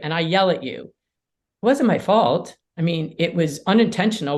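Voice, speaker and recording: A woman mediator and lawyer, a podcast guest, explaining ideas in an animated way and acting out quotes. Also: fairly low pitch, moderate pace. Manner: animated storyteller, acts out quotes. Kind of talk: casual conversation.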